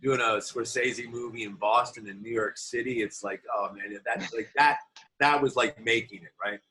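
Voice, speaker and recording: Bright-voiced actor telling animated stories. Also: male voice, medium pitch, normal speed, a little hiss or hum, rough recording. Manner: animated anecdotes, acts out quoted voices. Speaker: actor guest. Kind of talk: interview storytelling.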